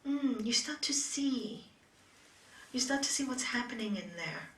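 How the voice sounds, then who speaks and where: A woman's voice: fairly high pitch, lively intonation, unhurried, fairly bright tone, recorded from a distance, slight background noise. Woman teacher talking in a roomy studio. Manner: storytelling, laughs often, drops to whispers. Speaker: yoga teacher. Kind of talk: spiritual talk to a class. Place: yoga studio.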